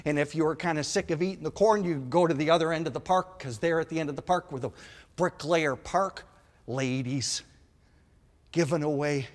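Animated man telling stories on stage. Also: on the high side, moderate pace. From Milwaukee, Wisconsin. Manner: animated, swings between loud excited shouts and soft asides. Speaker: stand-up storyteller. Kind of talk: comic storytelling on stage. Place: large theater stage. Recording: long theater reverb.

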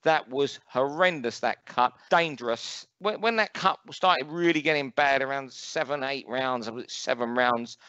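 A man's voice: medium pitch, sharp tone, clear, resonant tone, no echo, lo-fi sound. A man with a London accent co-hosting a boxing podcast, reeling off fight records and ranting with strong opinions. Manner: opinionated, ranting, rapid fact-listing. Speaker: boxing pundit co-host. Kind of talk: casual podcast chat.

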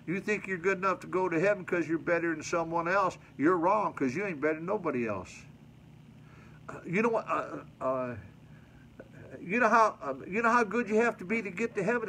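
A man's voice: high-pitched, a little fast, fairly bright tone, slight background noise, rough recording. A male pastor preaching a sermon at a mission church, reading scripture and adding folksy, colloquial commentary to his congregation.

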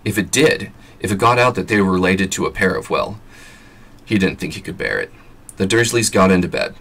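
A man with a low, husky voice and a scratchy throat reads a novel aloud at a plain pace. His delivery is forceful and bright in tone, with casual asides mixed in. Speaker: vlogger reading an audiobook.

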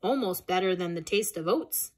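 A woman's voice: lowish voice, moderate pace, a little mellow, natural voice. A woman reading aloud, voicing an eager young female calf in a storybook. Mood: earnest.

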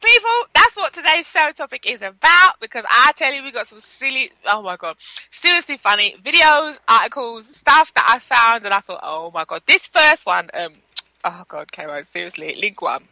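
A woman hosting a casual radio chat show, giggling and animated as she tells a story. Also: high-pitched, moderate pace, no room sound, poor audio.

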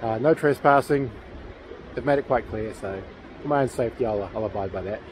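A man's voice: mid-range voice, a little fast, a little mellow, slight background noise, rough recording. A man with a New Zealand accent, vlogging outdoors near a railway tunnel in a chatty, enthusiastic, rambling way, with plenty of fillers. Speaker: paranormal vlogger. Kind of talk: casual outdoor vlog.

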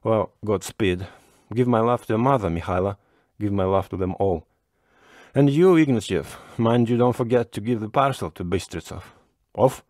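A man's voice: on the low side, normal speed, a little mellow, dry recording, studio quality, close to an everyday voice. A man voicing a sleepy, fussy older male postmaster in a storybook reading, chatty and raising his voice as he sends the cart off. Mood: hearty.

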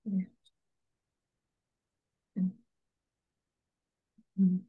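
Hesitant soft-spoken woman student. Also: lowish voice, monotone, breathy edge, narrow, tinny audio. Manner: hesitant, quiet, many pauses. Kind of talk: reading aloud in a lesson.

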